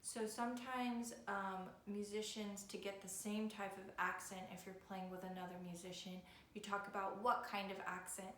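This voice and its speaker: A woman's voice: mid-range voice, little pitch movement, normal speed, few pauses, fairly bright tone. A woman violin teacher giving a patient, step-by-step video lesson. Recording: echoey room with faint noise.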